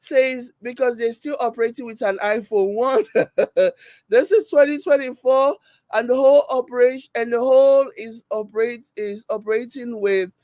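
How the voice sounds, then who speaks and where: Here a woman's warm, somewhat high voice comes through a dry recording at a moderate pace. She has a Nigerian accent and is a commentary host on a casual live stream, reacting to a video, reading viewers' comments aloud and frequently laughing.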